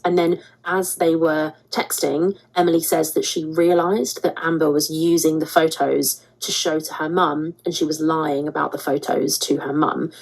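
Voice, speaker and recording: A woman's voice: low voice, husky, poor audio. A woman hosting a drama commentary show, talking through a prepared script and repeating words for emphasis. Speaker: commentary host.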